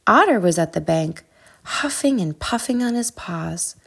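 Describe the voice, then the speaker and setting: A woman narrating a children's storybook in a calm, soothing way. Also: on the low side, measured pace, gravelly, slightly rough.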